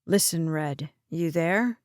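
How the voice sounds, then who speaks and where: A woman doing a calm, low-voiced young man. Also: dry recording, studio quality. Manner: quiet, measured, soothing. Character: steady, patient younger man, calm and careful.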